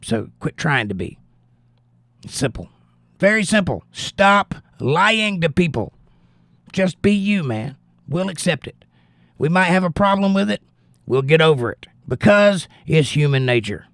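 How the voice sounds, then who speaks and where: Gravelly, blunt talk-stream host. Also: male voice, on the high side, very animated, a little slow, pauses often, fairly bright tone, dry recording, studio quality. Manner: blunt, opinionated, conversational. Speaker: livestream host reading chat. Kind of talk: casual political commentary.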